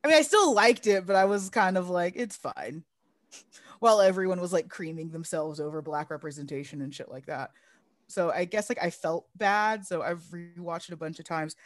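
A woman's voice: on the low side, no room sound. Dry-miked sarcastic woman podcaster. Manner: sarcastic, profane, quick asides. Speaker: podcast co-host. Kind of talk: casual chat.

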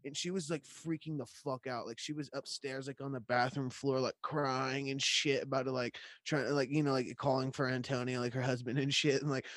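A man in casual chat, laid-back and swearing, telling a drawn-out anecdote. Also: mid-range voice, level tone, a bit bright, no echo.

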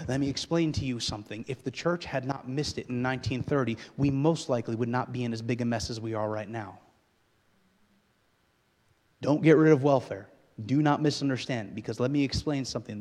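A man preaching a sermon as pastor, swinging between quiet low asides and loud, rising, emphatic passages. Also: long reverb tail.

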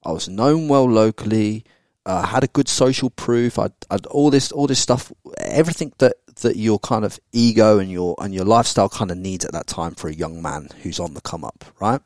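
A man's voice: on the low side, normal speed, darkish tone, no room sound, studio quality. A man, telling a candid personal story as a podcast guest, blunt and full of swearing. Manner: blunt and sweary, with frequent tag questions.

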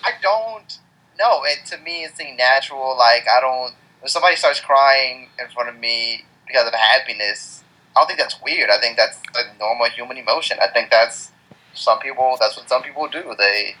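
Guy guest on a call, teasing and blunt, kinda husky bright voice. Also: medium pitch, moderate pace, poor audio. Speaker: podcast guest. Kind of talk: casual chat over a conference call.

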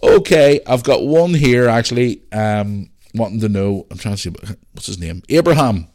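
A man from Belfast with a low, deep voice and a Northern Irish accent talks through listener questions on his solo podcast. His chat rambles loosely and is full of restarts and fillers, with the odd swear word thrown in. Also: lively intonation, moderate pace, darkish tone. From Northern Ireland. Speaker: podcast host.

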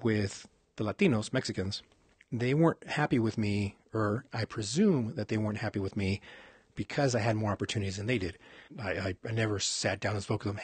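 A man from Texas talks through his memories in a casual podcast conversation, pausing and restarting as he thinks. His voice sits low and slightly husky, and the close recording is dry with no room sound. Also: no room sound. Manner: reflective, halting, with frequent restarts. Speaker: podcast guest. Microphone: close mic on his own end.

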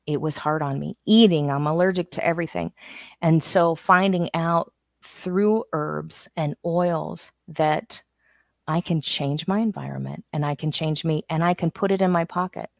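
Low-voiced woman, candid and dry. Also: moderate pace, creaky, dry recording. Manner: candid, storytelling, self-interrupting. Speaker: guest. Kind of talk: casual chat.

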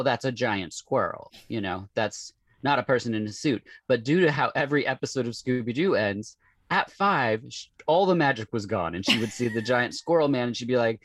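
Animated male guest, casual chat, dry close sound. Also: medium pitch, no room sound. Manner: animated storyteller, laughs. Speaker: podcast guest. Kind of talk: casual chat about movies.

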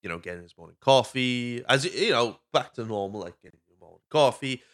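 A man's voice: mid-range voice, animated, fairly quick, a bit bright. A Welsh man hosting a podcast, casually recapping a movie with swearing and rambling tangents. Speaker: podcast host.

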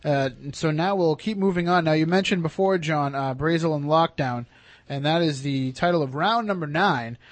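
A man moderating a timed debate and calling out the time briskly. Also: fairly high pitch, no room sound.

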